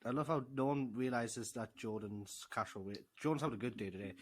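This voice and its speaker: Podcast guy teasing his mates, mock stern ribbing, mid pitch. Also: fairly quick. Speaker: podcast co-host. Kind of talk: casual comedic banter. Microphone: podcast mic in a live online session.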